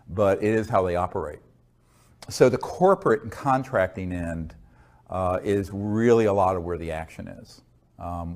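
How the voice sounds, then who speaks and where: An American man with a low voice, answering interview questions in an earnest, measured way. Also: darkish tone. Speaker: interview guest.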